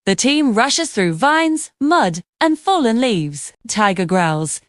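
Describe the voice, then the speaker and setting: A woman narrating a children's cartoon story, her higher voice rising and falling with a lively, expressive storytelling lilt. The sound is dry and close to the mic. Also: takes it slowly, no room sound.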